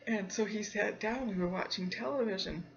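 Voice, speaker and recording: Woman host, mid-pitched, chatty and quick to laugh, dull lo-fi recording. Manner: chatty, laughs often, acts out voices in her stories. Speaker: podcast host. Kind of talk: casual storytelling monologue.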